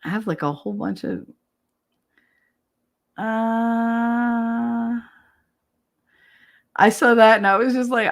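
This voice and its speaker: A woman's voice: slow, long pauses. Chatty Jersey woman streaming. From New Jersey. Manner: chatty, animated, laughs often, bursts into high yelling when acting out. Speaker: livestream host. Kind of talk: casual livestream chat.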